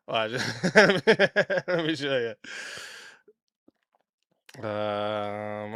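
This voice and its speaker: Hoarse man ranting on a stream, bright edgy tone, clear dry sound, swears a lot. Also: mid-range voice, takes it slowly, pauses often, no room sound. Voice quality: profane, confrontational. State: hoarse, voice nearly lost. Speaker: streamer and host. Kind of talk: ranting livestream talk. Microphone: desk mic, no headphones.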